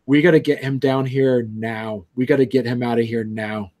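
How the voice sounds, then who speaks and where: A man's voice: medium pitch, fairly even intonation, normal speed, a little mellow, pitched below the performer's own voice, natural voice. A man voicing an urgent woman ally in a tabletop game, barely changing his own voice.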